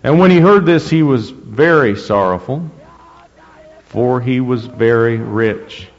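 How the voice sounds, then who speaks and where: A man preaching a sermon, reading scripture slowly and deliberately, with rising emphasis and frequent throat clearing. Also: medium pitch. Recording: dull lo-fi recording in a reverberant hall.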